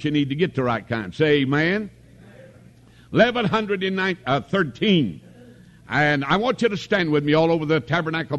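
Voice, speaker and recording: A middle-aged man preaches a revival sermon in a tabernacle, his voice sitting a touch higher than most men's. He talks in a folksy, homespun way, mixing jokes with calls for amen. He speaks into a stage microphone. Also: lo-fi sound.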